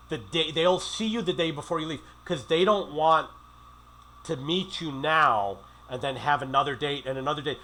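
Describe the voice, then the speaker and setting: Bright-voiced man telling rambling travel stories. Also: a little high, a little hiss or hum, low-quality recording. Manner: rambling, animated, acts out quoted dialogue. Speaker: travel vlogger. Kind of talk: casual storytelling monologue.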